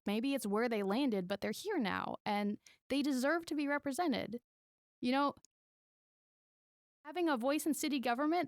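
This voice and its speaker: A woman's voice: fairly high pitch, clear, resonant tone, dry recording, clean studio sound. A woman guest on a podcast, telling campaign stories in a chatty, rambling way with lots of fillers. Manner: chatty storyteller, many "like" fillers. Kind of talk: casual podcast chat.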